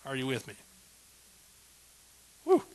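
A man's voice: medium pitch, wildly swooping pitch, slow pace, darkish tone. A man preaching a sermon as pastor, folksy and joking, building to emphatic bursts.

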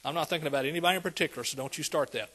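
Husky preacher man. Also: on the high side, rapid-fire, fairly bright tone. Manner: preachy, conversational, calls out to the congregation. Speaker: pastor. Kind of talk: sermon.

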